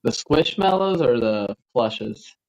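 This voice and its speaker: A man's voice: medium pitch, animated, slow pace, darkish tone, poor audio. A man co-hosting a livestream, chatting casually while gaming and telling rambling anecdotes with cautious recommendations. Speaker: livestream co-host.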